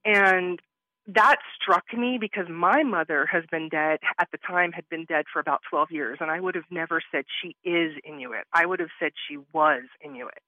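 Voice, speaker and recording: A woman's voice: lowish voice, moderate pace, dry recording. Woman telling her story over a muffled line. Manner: animated retelling, acts out quoted exchanges. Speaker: interview guest recounting her experience. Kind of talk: conversational storytelling.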